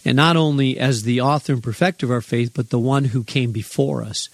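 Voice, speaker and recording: A man's voice: mid-range voice, brisk, creaky, no echo. A man, a senior pastor, talking earnestly with a radio host and encouraging listeners. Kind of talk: radio conversation.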